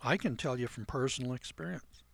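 A man telling a story to a class in a folksy way, clearing his throat often and acting out both sides of the dialogue. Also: medium pitch, brisk, no echo. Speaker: seminar speaker telling a story. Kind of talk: storytelling lecture.

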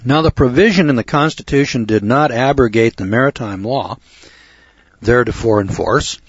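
A man's voice: mid-range voice, normal speed, breathy edge, dry recording. A man giving an emphatic, preachy lecture on law, addressing his listeners as boys and girls and repeating words for weight. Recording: dull lo-fi recording.

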